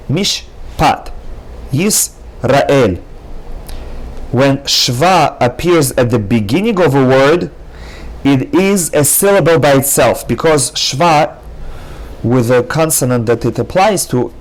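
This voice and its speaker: A man teaching a language lesson, patiently explaining each point and repeating every word several times. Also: medium pitch. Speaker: Hebrew teacher. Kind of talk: slow, careful language lesson.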